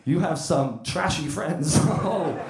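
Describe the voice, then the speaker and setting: A man's voice: fairly high pitch, slow, echoey room, background noise. A man in his thirties from the UK doing a chatty stand-up comedy set with crowd work. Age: 30s. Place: comedy club stage.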